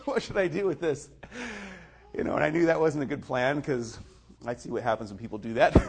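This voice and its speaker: A man's voice: mid-range voice, slightly rough. A man sharing a personal faith testimony in a casual storytelling way, chuckling often and talking loosely with lots of fillers. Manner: acts out other people's lines in lively quoted voices.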